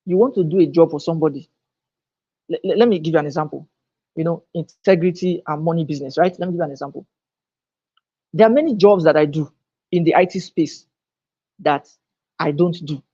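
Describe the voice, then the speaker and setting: A man's voice: on the high side, fairly quick, long pauses, warm tone, slightly rough, highs cut off. A man giving a live online lecture, emphatic and repeating his key phrases. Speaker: online teacher. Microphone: own microphone, recorded on camera.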